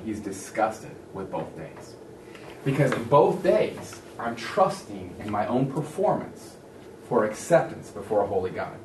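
A man preaching a sermon as a pastor, telling a story with lively acted-out voices of others. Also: medium pitch, a little hiss or hum. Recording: echoey room from a distance.

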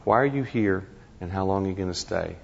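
A man's voice: sits low, vocal fry, breathy edge. Man lecturing in an echoing hall. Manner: conversational, halting restarts, wry self-deprecating humor. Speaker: guest speaker to a ministry class. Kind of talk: informal lecture. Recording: dull lo-fi recording in a reverberant hall.

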